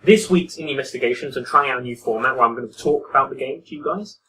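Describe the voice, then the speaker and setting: Bright-voiced man reviewing a game. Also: mid-range voice, fast, far from the mic, slight background noise, rough recording. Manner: critical, conversational, with frequent restarts. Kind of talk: casual commentary over gameplay.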